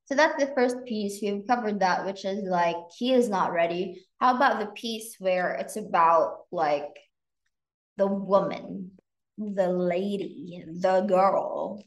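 A woman's voice: medium pitch, slow pace, reverberant. A woman hosting a podcast, chatting frankly about relationships and using lots of fillers. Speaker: podcast host. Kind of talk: casual relationship chat.

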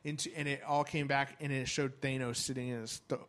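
Rambling excited man recapping a panel. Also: mid-range voice, a little fast. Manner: rambling, excited, swears freely, many ums. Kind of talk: casual chat.

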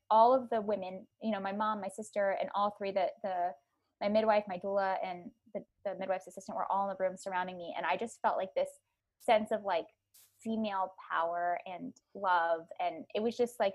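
A woman in her thirties, a podcast guest, casually telling her birth story with many likes and ums. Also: mid-range voice.

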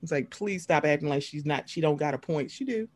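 Brief: woman co-host, lively swooping pitch, brash and profane, keeps slipping into mock quotes. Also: fairly quick. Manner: animated, profane, acts out voices in quotes. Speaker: podcast co-host. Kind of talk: casual reality-TV recap chat.

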